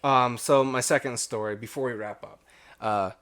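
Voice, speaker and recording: This young podcast co-host tells a long, rambling tale about an old job, playing out everyone's lines with laughter along the way. He speaks at an ordinary middle pitch in a bright, forceful, steady tone at a moderate pace.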